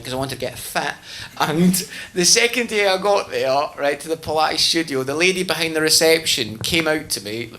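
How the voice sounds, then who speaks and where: A man with a Glasgow Scottish accent doing stand-up, telling stories in an animated, laughing way. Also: fairly high pitch, a little hiss or hum. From Scotland. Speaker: stand-up comedian. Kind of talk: stand-up comedy. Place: comedy club stage.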